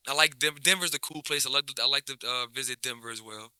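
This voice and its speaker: A man's voice: medium pitch, quick pace, clean tone, dry recording. Laid-back man rambling with restarts. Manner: relaxed, rambling, many restarts and slang. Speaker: basketball coach, guest. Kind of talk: casual interview chat.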